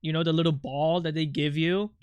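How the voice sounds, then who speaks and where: A man's voice: on the high side, steady tone, fairly quick, smooth, no room sound. A male streamer who is not a native English speaker, chatting playfully with viewers, teasing and swearing freely into a close mic. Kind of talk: casual live-stream chat.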